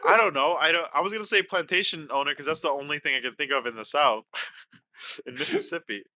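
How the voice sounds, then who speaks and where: A man co-hosting a casual podcast, talking in an animated, excitable way with swearing and quick asides. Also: fairly high pitch. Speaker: podcast co-host.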